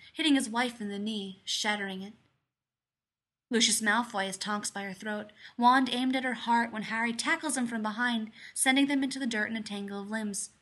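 A woman reading fiction aloud in a measured, expressive storytelling manner. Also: on the high side. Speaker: audiobook narrator.

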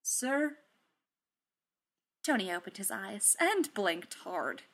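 Woman storyteller, steady narration, bright tone. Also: mid-range voice, moderate pace. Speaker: reader. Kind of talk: reading fan fiction aloud.

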